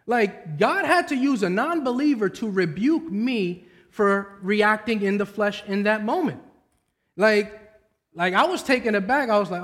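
High-voiced man preaching a sermon. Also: moderate pace, a bit bright. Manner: conversational, storytelling preaching with personal anecdotes. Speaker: pastor.

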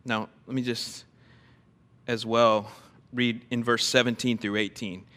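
A man's voice: mid-range voice, level tone, a little slow, pushed and bright, in a large hall. A man preaching a sermon to a congregation, emphatic and quizzing his listeners with questions. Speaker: pastor. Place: church before a congregation.

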